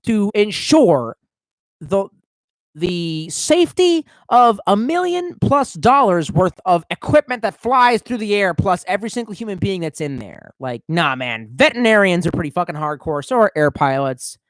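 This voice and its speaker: A man's voice: sits high, sing-song, normal speed, no room sound. A tipsy man streaming live, reading out chat and rambling in a profane, off-the-cuff way. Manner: profane, rambling, swerving between mumbles and outbursts.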